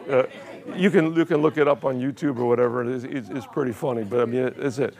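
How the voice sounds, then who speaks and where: A man's voice: medium pitch, fast talker, vocal fry, darkish tone. An older man preaching a sermon in a church, telling a story with chuckles and many repeated words. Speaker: pastor.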